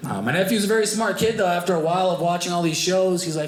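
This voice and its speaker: A young man doing a stand-up comedy set, animated and acting out the people in his stories. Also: sits high, quick pace. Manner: animated, acts out voices of family and strangers. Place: comedy club stage with live audience. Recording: echoey club room, noisy audience.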